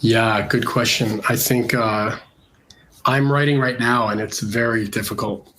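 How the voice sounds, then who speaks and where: A middle-aged man from Canada, an illustrator with a cold, talking casually in an interview, relaxed and hesitant with many fillers. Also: on the low side, a little slow, slight background noise. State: congested from a cold. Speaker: illustrator guest.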